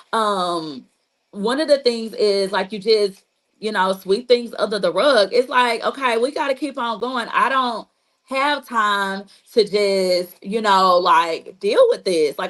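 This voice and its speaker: Talking straight to her audience, a therapist who is an adult with a child teaches about trauma healing in a loose, repetitive style, leaning heavily on "you know" and "like." Her voice is a little high with a fairly bright tone, and the audio quality is poor.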